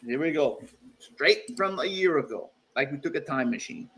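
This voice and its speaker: A man's voice: fairly high pitch, animated, normal speed, fairly bright tone. A man hosting a casual live-stream chat over a video call, rambling with lots of fillers and often laughing at himself. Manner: rambling, full of fillers and restarts. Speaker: host.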